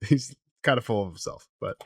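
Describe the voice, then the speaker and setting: A young man talks through a TV episode with a friend, bouncing between his own take and quick impressions of the characters. His pitch jumps around a lot, and the sound is dry and close, with no room in it. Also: slightly rough, no room sound. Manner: animated retelling, quoting characters, laughing often. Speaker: podcast co-host. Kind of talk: casual TV episode discussion.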